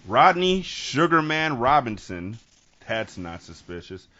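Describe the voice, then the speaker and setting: A man with a bright, lively voice reads a news story aloud for a chat podcast and cracks jokes as he goes. The recording is dull and lo-fi. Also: mid-range voice, slow pace. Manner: jokey asides between news passages. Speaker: podcast host.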